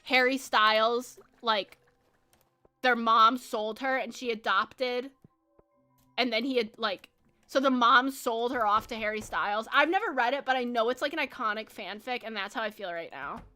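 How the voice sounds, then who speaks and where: A woman's voice: on the high side, moderate pace, bright, forceful tone. A young woman chatting casually with her viewers while playing a game, giggly and full of fillers. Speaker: game streamer. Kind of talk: casual chat while gaming.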